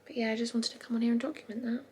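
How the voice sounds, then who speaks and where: Young mum vlogging candidly. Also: female voice, fairly high pitch, little pitch movement, rapid-fire, darkish tone, breathy edge. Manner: candid, emotional, rambling with restarts. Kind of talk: casual confessional vlog. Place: bedroom at home.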